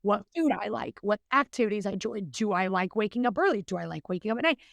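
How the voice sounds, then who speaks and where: A woman's voice: mid-range voice, expressive, vocal fry, fairly bright tone, dry recording. Chatty, earnest young woman. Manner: chatty, earnest, fast with many fillers. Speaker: podcast guest. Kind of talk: casual podcast interview.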